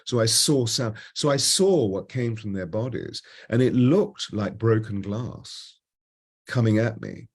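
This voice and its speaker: A man in his seventies with a British Received Pronunciation accent, a voice coach telling stories in an interview, expressive, moving between lively bursts and slow, hushed phrases. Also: on the low side, husky. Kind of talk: reflective interview storytelling.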